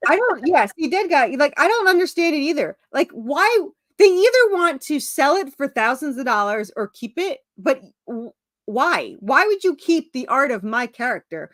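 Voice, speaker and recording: A fairly high-voiced woman talks as a guest on a video call. She rambles cheerfully through fillers and restarts and pokes fun at herself. The sound is dry and close, with no room around her. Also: big pitch swings, moderate pace, a bit bright, dry recording. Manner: self-mocking, laughs at herself. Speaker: indie comic creator, interview guest. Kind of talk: casual video-call chat.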